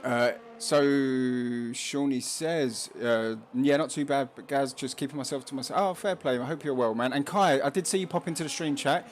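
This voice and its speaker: A man's voice: medium pitch, moderate pace, few pauses. Man, stream host, casual chat, laughs often, reads chat aloud, faint background noise. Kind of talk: casual live-stream commentary.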